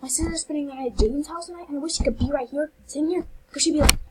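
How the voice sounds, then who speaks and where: A woman hosting a casual game vlog, talking over her screen, gushing and excitable, saying "like" and "literally" a lot, with sudden whispered asides. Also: high-pitched, rapid-fire, noisy background. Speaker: channel host.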